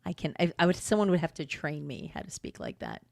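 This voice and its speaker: A woman co-hosting a podcast in casual chat, talkative and quick to laugh. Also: sits low, big pitch swings, gravelly, no room sound, clean studio sound. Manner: chatty, laughs often, reads plugs in a bright upbeat voice. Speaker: podcast co-host.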